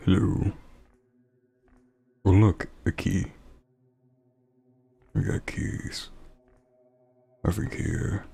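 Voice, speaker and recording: Let's-play man, low and gravelly, slow husky wisecracks. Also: fairly even intonation, mellow. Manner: joking, wry, muttering asides. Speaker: gamer playing a horror game.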